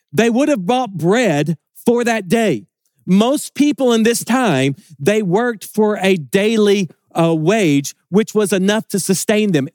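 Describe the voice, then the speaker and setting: A man's voice: high voice, darkish tone, no echo, studio quality. A man preaching a sermon in an earnest way, often repeating words as he builds emphasis.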